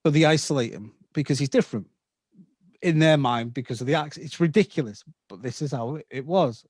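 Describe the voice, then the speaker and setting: A man's voice: fairly high pitch, brisk, a little mellow, dry recording, studio quality. A man in his fifties from England with a slight Scouse accent, a podcast guest explaining at length and checking in with his listener. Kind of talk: casual interview talk.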